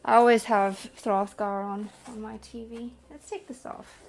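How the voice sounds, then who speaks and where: Young woman on a webcam at home, slow unhurried talk, praising her dog and giving commands. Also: a little high, little pitch movement. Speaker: dog owner hosting an online dog party. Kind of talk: casual chat on a video call.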